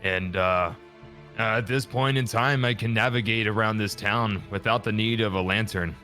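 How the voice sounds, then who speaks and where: A man's voice: on the low side, steady tone, moderate pace, pushed and bright, faint music behind, pitched below the performer's own voice. A man voicing a weary old man in disguise who talks hesitantly with many ums in a tabletop game. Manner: hesitant, rambling, lots of ums. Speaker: player.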